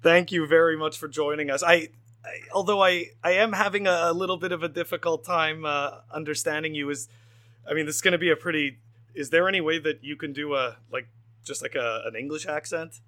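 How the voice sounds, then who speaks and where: A man's voice: on the high side, a little fast, bright, forceful tone. A man hosting a casual podcast interview, upbeat and rambling, with many fillers. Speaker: podcast host.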